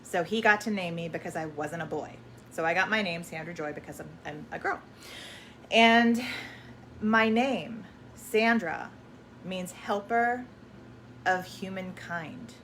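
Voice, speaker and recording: A woman's voice: on the low side, measured pace, long pauses, fairly bright tone, a little hiss or hum. A woman spiritual energy coach in casual promotional chat, effusive and affirming, often repeating herself and using uplifting self-help language.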